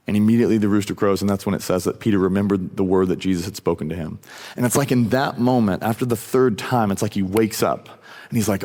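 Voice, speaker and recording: A pastor preaching a sermon in a casual, animated storytelling way, acting out quotes. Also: male voice, on the low side, fairly quick, big-room sound. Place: church auditorium.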